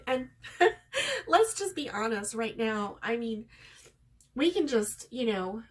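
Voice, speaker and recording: A middle-aged woman chatting casually to her viewers as a crochet vlogger, rambling and heartfelt with many pauses and ums. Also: a little high, lively intonation.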